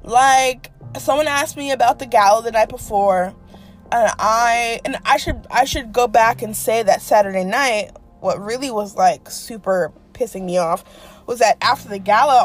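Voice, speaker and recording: Speaking at a normal pace, this podcast host has a fairly high-pitched voice. She's a young woman recounting a dating story with animated, profane drama and plenty of quoted asides.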